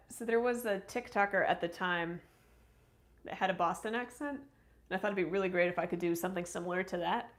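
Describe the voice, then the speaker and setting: A woman hosting a relaxed live stream, reading out comments from her chat and answering each one. She talks in an easy, chatty way, with small fillers and thanks in between. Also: medium pitch.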